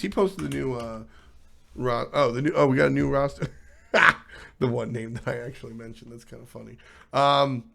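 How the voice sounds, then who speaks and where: Creaky and a little high, this man's voice carries a casual esports talk show on livestream. He riffs with chat and answers it in an animated, blunt way, swearing throughout.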